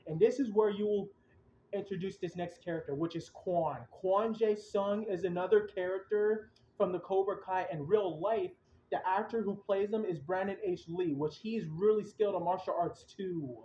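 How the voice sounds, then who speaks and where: A young man hosting a podcast, excitedly retelling events in a rambling, casual way with slang. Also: high voice, moderate pace, a little hiss or hum. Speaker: podcast host. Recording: roomy, dull lo-fi sound.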